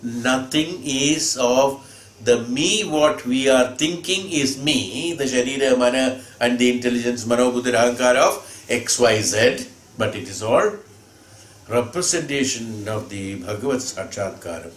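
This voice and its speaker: A man's voice: medium pitch, a little slow. A man giving a spiritual discourse, explaining patiently and posing rhetorical questions. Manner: explanatory, rhetorical questions, acts out quoted speakers. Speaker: spiritual teacher. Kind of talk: discourse on scripture. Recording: echoey room with faint ambient noise.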